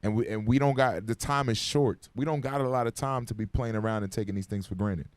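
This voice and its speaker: A man leading a Bible class at a quick pace, talking casually and with urgency. He keeps checking that the room is with him and asking for responses. His voice sits in a middle pitch, recorded dry and close. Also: dry recording. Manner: conversational and urgent, calling for responses. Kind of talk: informal Bible class teaching. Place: classroom gathering. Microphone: microphone.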